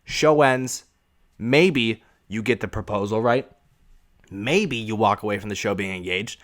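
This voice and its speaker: Man, young adult, low voice, podcast host, sarcastic, swearing, animated rant. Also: unhurried. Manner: profane, sarcastic, animated ranting. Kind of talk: casual ranting monologue.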